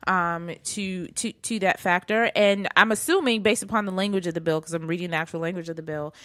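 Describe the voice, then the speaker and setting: A woman with a bright but lowish voice, close and dry on the mic. She explains haltingly with fillers, then turns to dry teasing. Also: steady tone, no room sound. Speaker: podcast co-host. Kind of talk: casual comedic chat.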